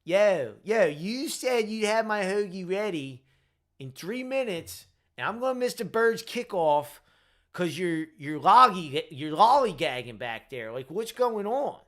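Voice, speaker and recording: A man voicing an angry male sports fan with a Delaware County accent, yelling at a cashier in a loud, whiny complaint. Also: high-pitched, very animated, a little slow, voice pushed up, full character voice. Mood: furious. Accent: Delaware County, Pennsylvania.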